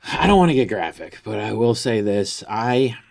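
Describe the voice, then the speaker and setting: A man's voice: lowish voice, lively intonation, moderate pace, vocal fry. A man ranting crudely about an ex, boastful, vulgar and rambling, as a comedy vlogger.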